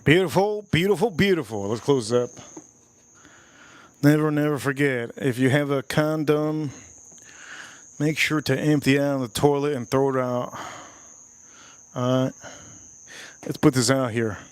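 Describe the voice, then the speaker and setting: A man's voice: mid-range voice, fairly even intonation, measured pace, pauses often, clean tone, no echo. A man hosting a casual live stream, tasting whiskey and joking with his chat in a playful, repetitive way. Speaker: livestream host reviewing whiskey.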